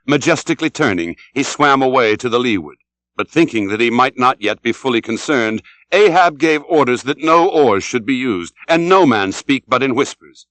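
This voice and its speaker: Lively dramatic male audiobook narrator. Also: medium pitch, no room sound. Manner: dramatic, shouts out the sailors' cries. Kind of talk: scripted narration.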